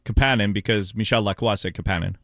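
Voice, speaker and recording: A man's voice: fairly low pitch, quick pace, a bit bright, no room sound, studio quality. A man co-hosting a radio sports talk show in a laid-back, teasing way.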